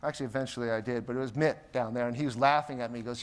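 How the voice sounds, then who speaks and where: A man's voice: medium pitch, rapid-fire. A man from the United States giving a motivational keynote, telling anecdotes and acting out the people in them. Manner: animated anecdotes, acting out quoted voices. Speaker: keynote speaker. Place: large conference hall. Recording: long reverb of a conference hall.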